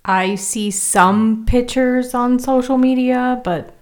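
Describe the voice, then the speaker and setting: A woman's voice: on the high side, slow pace, darkish tone. A woman co-hosting a casual podcast, giving dry, brief replies. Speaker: podcast co-host. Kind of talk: casual chat.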